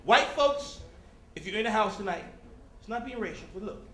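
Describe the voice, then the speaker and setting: A man doing a stand-up comedy set, animated, talking straight to the crowd and slipping into loud character voices. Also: sits high, normal speed, reverberant, a little hiss or hum. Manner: talks directly to the crowd. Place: comedy club stage.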